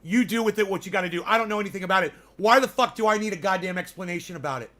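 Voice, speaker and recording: A man doing a mocking impression of a tech billionaire who stalls on endless ums and uhs, speaking softly and hesitantly. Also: sits high, racing, voice pushed up. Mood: dismissive. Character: halting, stammering impression of a rich male tech mogul. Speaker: livestreamer.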